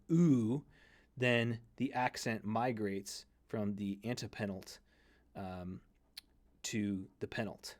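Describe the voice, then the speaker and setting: A man teaching a Greek lesson in a conversational way, often correcting himself mid-sentence and using fillers. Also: on the low side. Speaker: seminary Greek instructor. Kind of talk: recorded lecture.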